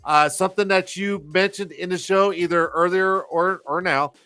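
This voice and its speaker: A man's voice: high-pitched, steady tone, normal speed, pushed and bright, clean tone, soft background music. A man in his forties hosting a live stream, rambling and swearing freely in casual chat. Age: 40s. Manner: profane, rambling, self-mocking. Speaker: host.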